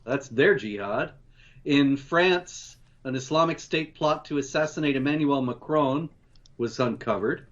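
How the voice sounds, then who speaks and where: A man co-hosting, running through news stories in a measured, steady way. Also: on the high side, dull audio. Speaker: co-host. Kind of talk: news rundown commentary.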